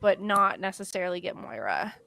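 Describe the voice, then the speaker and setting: A woman's voice: lowish voice, very animated, a little fast, gravelly, pushed and bright. A woman playing a tabletop game, chatty and easygoing. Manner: easygoing, chatty, laughs often. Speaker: player. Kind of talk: casual tabletop game chat.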